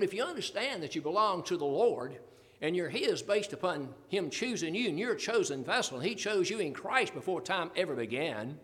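A man's voice: high-pitched, a bit bright. A man preaching a sermon, emphatic, asking the listeners repeated rhetorical questions and chuckling between points. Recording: long reverb of a hall.

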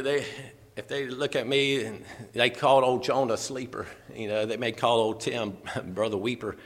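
A man preaching a fervent, emotional sermon, at times teary and laughing softly. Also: medium pitch.

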